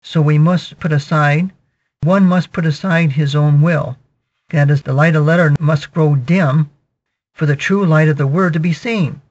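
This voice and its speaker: A man's voice, pitched a little higher than usual, delivers a measured sermon and works through scripture line by line. He keeps saying "okay" and repeats key phrases to drive them home. The recording sounds muffled and lo-fi. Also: steady tone. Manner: measured teaching, peppered with "okay" and repetitions. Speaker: preacher. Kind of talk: sermon, verse-by-verse Bible exposition. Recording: dull lo-fi recording.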